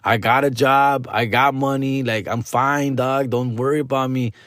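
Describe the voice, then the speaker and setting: A man's voice: medium pitch, fairly even intonation, normal speed, fairly bright tone, dry recording, studio quality. Slangy, profane man venting on a podcast. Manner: slangy, profane, mixes Spanish into his English; frustrated, venting. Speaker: comedian podcast host. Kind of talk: casual comedic rant.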